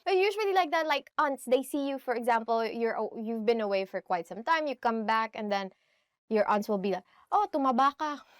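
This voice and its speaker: A young woman with a Filipino accent leads a relaxed language lesson, chatty and quick to laugh as she mixes Filipino phrases with English. Her voice sits a little high, recorded close and dry with no room sound. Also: dry recording. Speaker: language teacher. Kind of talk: casual video lesson.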